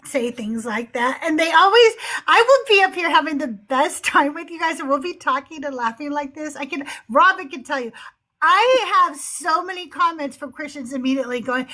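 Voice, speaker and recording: A woman's voice: high voice, moderate pace, bright, forceful tone. A woman hosting a casual livestream chat, chatty and upbeat, often laughing as she talks to her viewers. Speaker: livestream host.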